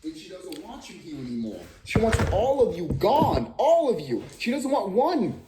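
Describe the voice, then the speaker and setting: This is an expletive-laden, heated rant from a vlogger whose voice swings widely up and down in pitch. The delivery is insistent and repetitive, hammering the same phrases for emphasis. A steady hiss of background noise sits clearly under the recording. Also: normal speed. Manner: profane, emphatic, repeats phrases. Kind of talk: ranting monologue.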